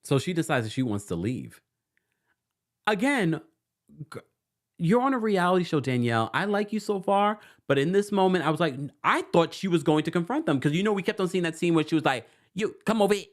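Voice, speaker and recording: Casual recap host with a New York accent, lively pitch, animated and chatty. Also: male voice, brisk. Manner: animated, chatty, quotes people in lively mimicry.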